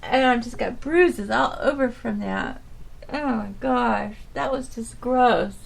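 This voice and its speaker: High, gravelly-voiced woman chatting on. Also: slow pace, slight background noise. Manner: rambling, trails off, many fillers. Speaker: podcast host. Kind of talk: casual solo chat.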